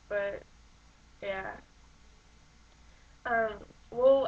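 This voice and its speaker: Rambling woman giving acting tips, lo-fi. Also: fairly high pitch. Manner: rambling, full of "like" and "um". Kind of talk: casual tutorial talk to camera.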